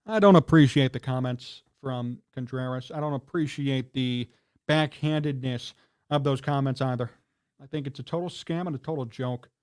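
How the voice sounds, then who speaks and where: A man's voice: medium pitch, normal speed, a little mellow, clean tone. A man hosting a live sports talk show, ranting in a heated, indignant and scolding way. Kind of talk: livestream sports rant.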